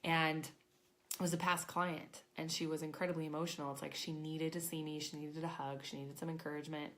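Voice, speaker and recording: A woman in her thirties, an intuition coach, telling a personal story in a chatty, animated way and acting out her own thoughts. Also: low-pitched, fairly quick. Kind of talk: casual storytelling to camera.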